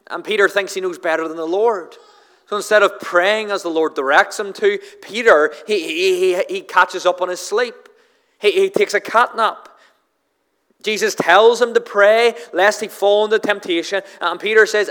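A male pastor delivers a sermon in a high voice that rings with long reverb through a church hall. He stumbles and repeats words as he starts his sentences. He pushes up for emphasis, then sinks low and slow. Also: fairly even intonation, a bit bright, smooth.

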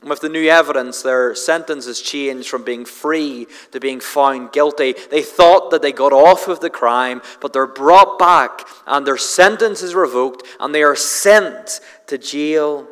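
A man preaching an evening sermon in a church, his voice sitting a little high for a man. He speaks earnestly and emphatically, hammering home repeated refrains. A long reverb from the hall trails after his words. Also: a little slow, few pauses, fairly bright tone, clear, resonant tone.

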